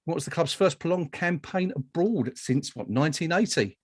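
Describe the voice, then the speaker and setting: Male host, high-ish voice, jokey, rambling live delivery. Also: expressive, moderate pace, husky, no room sound, studio quality. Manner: chatty, jokey, many fillers and restarts. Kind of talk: live online awards show hosting.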